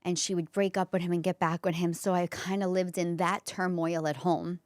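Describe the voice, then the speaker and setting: A woman's voice: fairly low pitch, flat delivery, moderate pace, darkish tone, dry recording, studio quality. A woman comedian from the Bronx with a New York accent, telling personal stories as host of her solo podcast in a chatty way full of fillers. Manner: chatty storytelling, many fillers. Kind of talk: candid solo podcast monologue.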